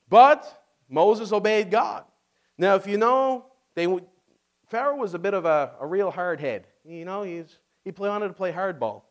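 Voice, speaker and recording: Brief: high-pitched male pastor, casual and joking, preaching a sermon. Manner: casual, joking storyteller asking "amen?".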